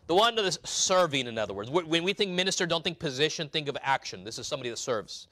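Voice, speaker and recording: Bright-voiced conversational preacher, a man. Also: on the high side, animated, fast talker, few pauses, dry recording. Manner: conversational, explaining scripture verse by verse. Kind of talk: sermon.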